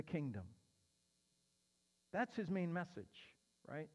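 A man's voice: sits high, lively intonation, a little slow, big-room sound, muffled recording. A man teaching as a pastor answering questions, explaining step by step and often checking in with "right?". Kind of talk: teaching sermon.

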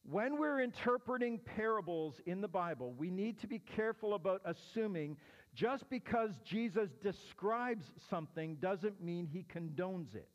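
A man's voice: high-pitched, lively intonation, normal speed, in a large hall, dull audio. A man teaching as a pastor answering questions, explaining step by step and often checking in with "right?". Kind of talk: teaching sermon.

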